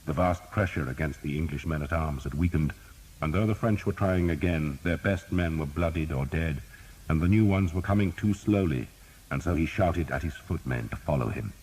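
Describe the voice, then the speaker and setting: A man narrating a historical battle audiobook in steady, measured storytelling. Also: a bass voice, husky, poor audio.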